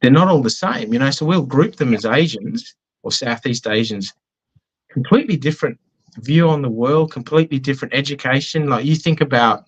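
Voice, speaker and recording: Chatty Australian man, lo-fi sound. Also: medium pitch. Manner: chatty, anecdotal, self-deprecating. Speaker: business guest. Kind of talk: casual conversational interview.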